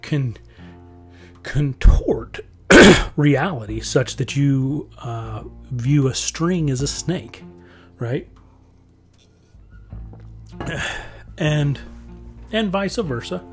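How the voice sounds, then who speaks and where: A man's voice: on the high side, expressive, drawn-out words, long pauses, soft background music. A man talking in a rambling, conversational monologue as a podcast host, chuckling often as he goes. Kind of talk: casual monologue.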